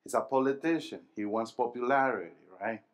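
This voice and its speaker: A man preaching a sermon to young people, asking the congregation questions and calling for answers, moving between low, quiet stretches and loud emphatic bursts. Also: fairly quick. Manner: call-and-response, asking the crowd questions. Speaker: pastor. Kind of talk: sermon to a youth rally.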